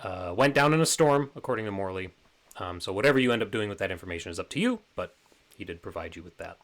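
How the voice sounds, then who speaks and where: A man narrating as game master of a tabletop game, relaxed and rambling with many fillers. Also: on the low side, fast.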